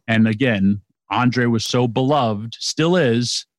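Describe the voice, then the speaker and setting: Excited male wrestling podcast host. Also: mid-range voice, slow pace, no echo. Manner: enthusiastic, rambling with restarts. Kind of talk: casual chat.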